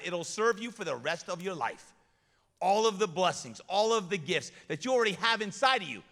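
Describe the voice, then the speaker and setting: Energetic male chapel speaker, high and bright, in a reverberant hall. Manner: energetic, call-and-response with the crowd. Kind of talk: motivational chapel talk.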